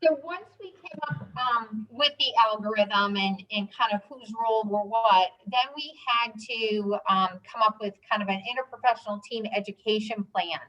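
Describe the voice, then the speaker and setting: A woman's voice: medium pitch, moderate pace, few pauses, bright, forceful tone, muffled recording. A woman who teaches staff on a rehab unit, presenting informally with many ums and you knows. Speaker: rehab unit nurse educator.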